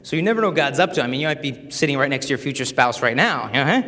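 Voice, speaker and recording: A man in his twenties giving a live talk to an audience, telling stories in a joking, animated way. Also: mid-range voice, very fast, background noise. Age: 20s. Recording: long hall reverb.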